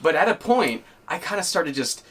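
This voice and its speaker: A man in his twenties, chatting casually as a podcast co-host, rambling and animated. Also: fairly high pitch, normal speed, breathy edge. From Canada, Nova Scotia. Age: 20s. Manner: rambling, animated, puts on silly voices for quotes. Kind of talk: casual chat.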